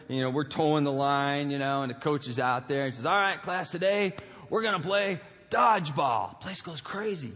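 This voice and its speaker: A man preaching in a large auditorium, his voice carrying a long reverb around the hall. He talks in a somewhat high register and keeps the sermon loose and jokey, full of asides and fillers. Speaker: pastor. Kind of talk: humorous storytelling sermon.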